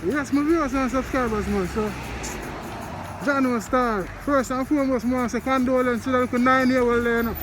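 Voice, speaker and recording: Jamaican male vlogger, rambling and repetitive, high-pitched, light music bed. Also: steady tone, normal speed. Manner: rambling, repetitive greetings to viewers. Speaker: vlogger commenting on news. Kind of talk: casual spoken commentary.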